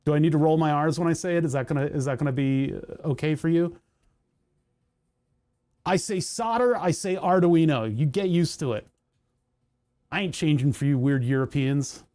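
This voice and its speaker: A young man from the United States talks loosely to his live chat, drifting between tech musings and mock-outraged rants. His voice sits a bit on the high side, and he breaks into laughter often. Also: a little fast, mellow. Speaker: streamer. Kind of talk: casual live-stream chat.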